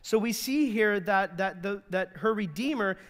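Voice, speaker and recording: High-voiced male pastor preaching. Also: normal speed, big-room sound. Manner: animated, repeats and restarts words, acts out quotes. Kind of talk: sermon.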